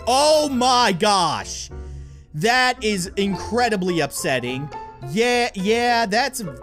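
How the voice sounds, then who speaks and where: A gaming YouTuber giving let's play commentary with animated, playfully dramatic reactions. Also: medium pitch.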